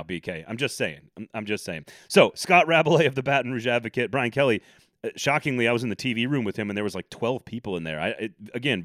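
A man's voice: on the low side, fairly bright tone, no room sound, clean studio sound. A man hosting a sports podcast, chatting casually with opinionated, joking asides. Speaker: podcast host.

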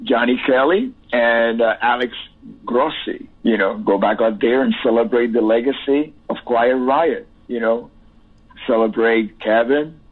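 A male musician reminisces in a phone interview, rambling and reflective with many restarts. His voice is husky and of average pitch. The line is thin and tinny. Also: unhurried. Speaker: musician guest.

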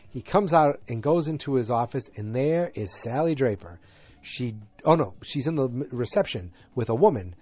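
A man's voice: mid-range voice, mellow, no room sound. A man from north of Boston with a light Boston accent, casually recapping a TV episode and rambling with lots of fillers and asides. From north of Boston, USA.

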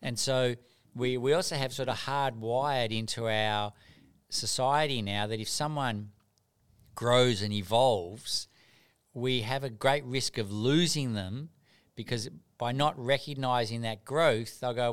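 A man's voice: mid-range voice, measured pace, clean tone. A middle-aged man, a doctor and mentor, telling stories earnestly in a casual interview, often repeating words as he starts.

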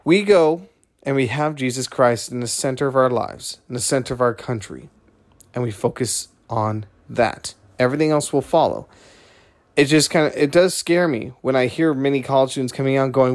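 A man's voice: mid-range voice, normal speed. A man hosting a podcast, talking through his views in a rambling, conversational monologue that keeps digressing. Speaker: podcast host. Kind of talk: casual monologue.

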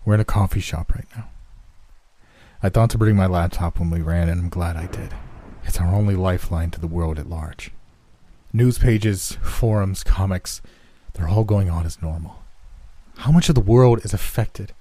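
Deep man, husky, dark tone, dry close mic, anxious horror story narration. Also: normal speed, no room sound.

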